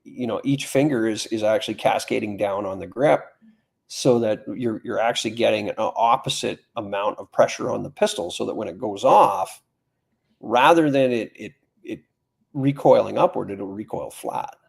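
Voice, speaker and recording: A man's voice: fairly low pitch, moderate pace, creaky, husky. A middle-aged man, a firearms instructor chatting as a podcast guest in a plain-spoken, anecdotal way. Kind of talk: casual podcast conversation.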